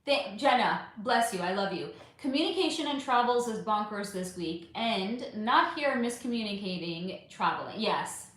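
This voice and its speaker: A woman's voice: medium pitch, lively intonation, normal speed, hardly any pauses, fairly bright tone. A woman hosting a psychic livestream, chatting candidly with viewers and swearing freely as she answers their comments. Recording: very echoey room.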